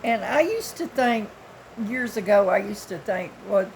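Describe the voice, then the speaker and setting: A woman's voice: mid-range voice, animated, unhurried, darkish tone, a little hiss or hum, rough recording. A woman in her sixties from the United States, telling a story in a casual, blunt, folksy way with occasional chuckles. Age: 60s. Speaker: vlogger.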